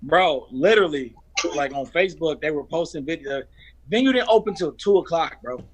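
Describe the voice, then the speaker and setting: This is a man from the US West Coast, a guest telling stories in a relaxed podcast chat. His voice sits a little high, and his delivery is blunt and full of swearing while staying laid-back. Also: a little fast. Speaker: guest battle rapper. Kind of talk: casual chat, storytelling.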